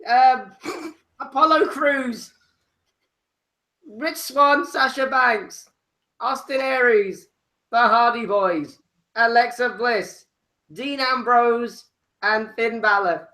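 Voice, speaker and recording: A man's voice: very high voice, very slow, pauses often, sharp tone. A man co-hosting a casual chat, flustered and swearing as he reads his picks. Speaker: podcast co-host.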